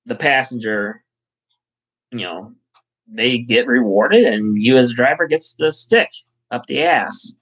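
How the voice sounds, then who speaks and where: A man's voice: medium pitch, fairly bright tone, poor audio. A man hosting a casual live chat, rambling and swearing, with lots of fillers. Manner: rambling, profane, full of fillers. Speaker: channel host.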